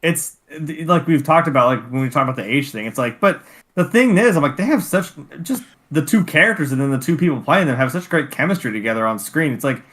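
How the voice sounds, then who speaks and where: A man's voice: fairly high pitch, animated, quick pace, fairly bright tone. A man co-hosting a casual podcast, thinking aloud in a hesitant, meandering way with casual swearing. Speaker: podcast co-host. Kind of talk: casual chat.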